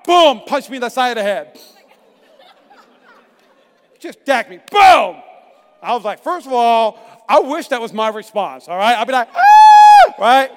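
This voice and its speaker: A middle-aged pastor preaching a sermon, swinging from hushed tones to emphatic shouts. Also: male voice, extremely high pitch, animated, unhurried, pauses often, a faint crowd. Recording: long echoing reverb.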